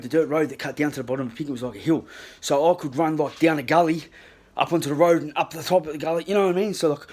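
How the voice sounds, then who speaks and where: A man with an Australian accent telling a rambling, profanity-filled story into his phone in a casual, animated way. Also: a little high. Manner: swears constantly, rambling and animated. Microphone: handheld phone.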